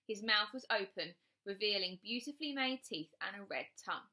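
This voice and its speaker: A woman teacher reading a children's chapter book aloud with expressive storytelling. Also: mid-range voice, moderate pace.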